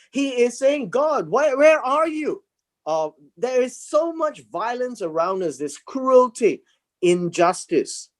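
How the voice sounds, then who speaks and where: During a Bible study lecture, a high-pitched man works through verses and unpacks the Hebrew terms. He speaks haltingly and slowly, often repeating himself and leaning on filler words.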